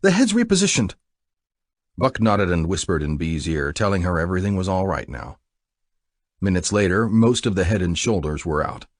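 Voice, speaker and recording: A man giving an expressive, dramatic audiobook narration. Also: low-pitched, moderate pace, dry recording, clean studio sound.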